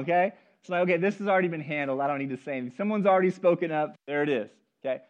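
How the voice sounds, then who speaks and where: A man's voice: on the high side, rapid-fire, few pauses, lo-fi sound. A man preaching a sermon, telling stories and speaking directly to the congregation and its children. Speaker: pastor. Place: church service.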